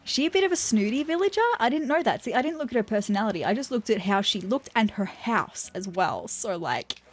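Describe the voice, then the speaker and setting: An Australian woman hosting a let's-play video, commenting in a gushing, excitable way. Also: on the high side, brisk. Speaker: gaming channel host.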